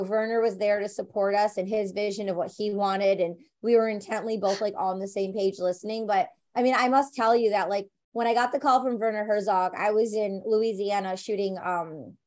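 A woman actress talking through an interview in a chatty, animated way. She leans on "like" and "you know" as she tells her stories, at an ordinary middle pitch for a woman. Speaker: actress guest. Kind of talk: conversational interview.

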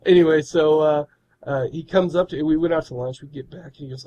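A man's voice: on the high side, brisk, warm tone, poor audio. Laughing, rambling male podcast co-host. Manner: rambling storyteller, laughs often. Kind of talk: casual chat.

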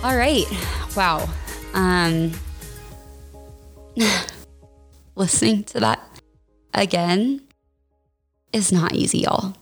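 Chatty young woman with a gravelly voice. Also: medium pitch, very slow, pauses often, faint music behind. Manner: chatty, candid, uses "like" and "y'all" a lot. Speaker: podcast host. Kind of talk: casual personal podcast talk.

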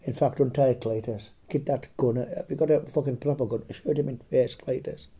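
A man with a slightly hoarse voice telling a rambling, profane comic story, chuckling and tagging his lines with "eh?". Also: mid-range voice, steady tone, a little fast, mellow. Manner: foul-mouthed, rambling, chuckling, tags lines with "eh?". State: a bit hoarse. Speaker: comedic storyteller. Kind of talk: profane comedic storytelling chat.

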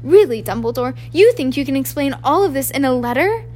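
A woman's voice: high-pitched, animated, brisk, a little mellow. A woman reading an audiobook, voicing a stern older female witch professor with a tense, trembling, emphatic manner. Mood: indignant.

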